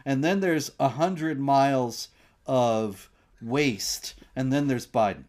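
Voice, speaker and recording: A man hosting a casual political chat in a conversational, sardonic way, with halting restarts. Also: mid-range voice, darkish tone. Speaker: host.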